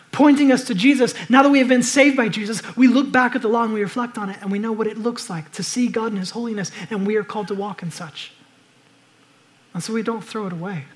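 A man preaching a sermon, moving between loud urgent exhortation and hushed, reflective passages. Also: sits high. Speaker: pastor.

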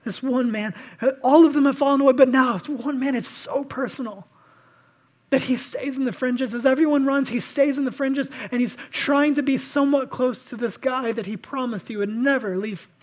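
A man preaching a sermon, swinging between loud impassioned outbursts and hushed, intimate reflection. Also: very high voice, normal speed. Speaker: pastor.

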